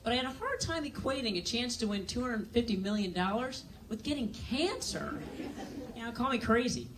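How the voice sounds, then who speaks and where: Woman doing stand-up on a club mic, bit high-voiced, dry jokey storytelling, noisy live room. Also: expressive, a little fast, distant mic. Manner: dry, self-mocking storytelling with acted-out voices. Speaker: stand-up comedian. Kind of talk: stand-up comedy set. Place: comedy club stage.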